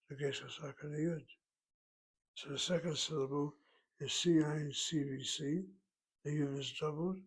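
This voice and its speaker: A man giving a recorded Hebrew grammar lesson, walking through words slowly and methodically, thinking aloud as he goes. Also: on the high side, slightly rough, rough recording. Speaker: Hebrew teacher.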